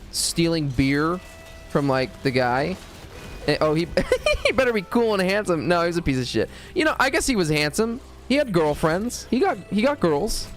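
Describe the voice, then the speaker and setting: Man from the US, streamer, casual storytelling, profane, joking, fairly high voice, very lively pitch. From United States.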